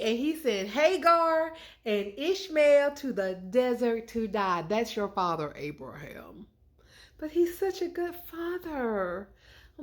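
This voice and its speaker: High-voiced sassy woman ranting. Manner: sassy, profane, indignant. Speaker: content creator. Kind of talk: comedic rant retelling Bible stories.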